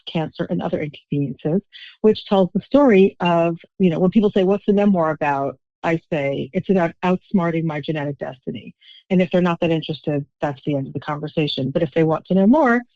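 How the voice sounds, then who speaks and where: A woman's voice: on the low side, brisk, dry recording, highs cut off. A woman in her fifties, an author telling her story in a podcast interview over the phone, wry and self-deprecating. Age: 50s. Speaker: author, guest. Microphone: phone call.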